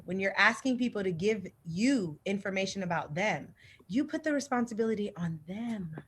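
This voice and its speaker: A woman speaking as a guest marketing consultant on a video call, talking in a lively, direct, conversational way. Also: mid-range voice. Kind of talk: casual online workshop talk.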